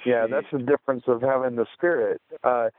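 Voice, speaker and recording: Hesitant radio host on a thin line. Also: male voice, medium pitch, fairly even intonation, brisk, no echo. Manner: hesitant, many restarts. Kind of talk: casual radio conversation. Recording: tinny phone line.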